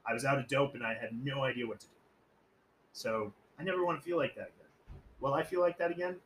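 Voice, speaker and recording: A man's voice: medium pitch, quick pace, slight background noise, rough recording. A man hosting a casual podcast, telling stories in a rambling, profane, joking way and acting out quoted voices. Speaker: podcast host.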